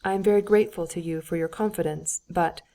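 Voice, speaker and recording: A woman's voice: on the low side, steady tone, fast, mellow, lightly acted. A woman voicing Alexey Alexandrovitch, a stiff formal husband. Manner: frigid, formal, restrained. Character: stiff, formal middle-aged male official.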